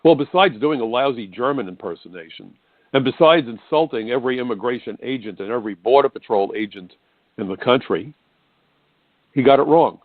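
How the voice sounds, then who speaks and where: A man's voice: medium pitch, expressive, fairly quick, dry recording. Older male talk radio host, emphatic and indignant monologue, thin phone-band sound. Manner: indignant, emphatic, repeats for stress. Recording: tinny phone-like radio broadcast, dry.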